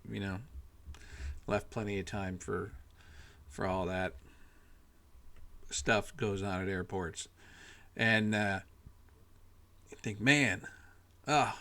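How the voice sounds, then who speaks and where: A man ranting in a casual monologue, rambling and exasperated, swearing often and filling pauses with "you know". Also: lowish voice, fairly bright tone. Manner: profane, rambling, exasperated, lots of fillers. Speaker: podcast host.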